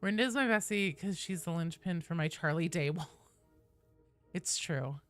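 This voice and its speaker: A woman's voice: fairly low pitch, animated, a little slow, soft background music. A woman streaming a game live, chatting casually and playfully with viewers and swearing freely.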